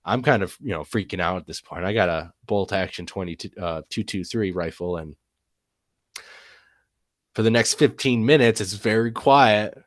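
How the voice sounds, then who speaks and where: A man's voice: fairly low pitch, moderate pace, no room sound, clean studio sound. A man telling his own encounter story as a guest, rambling, with lots of fillers and trailing "and stuff". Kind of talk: casual storytelling.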